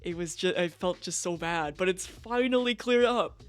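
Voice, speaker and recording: A man's voice: high voice, normal speed, fairly bright tone, smooth. A young man streaming from home, chatting casually and swearing freely with frequent laughs. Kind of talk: casual live-stream chat.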